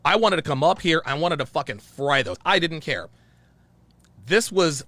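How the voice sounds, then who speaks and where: A man's voice: on the high side, very animated, normal speed, bright, forceful tone, no echo. A man hosting his channel, telling a story in a heated, profane way and repeating himself often. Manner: profane, repetitive, worked-up. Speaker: channel host.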